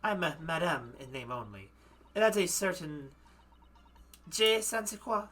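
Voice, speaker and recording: A man doing a poised young waxwork artisan from a murder-mystery game, speaking in a wobbly mock French accent that keeps slipping toward German. Her delivery is formal and measured, with a bright, forceful edge, and she trips over her own French words now and then. The voice sits a little high. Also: sing-song, exaggerated voice. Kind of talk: reading game dialogue aloud.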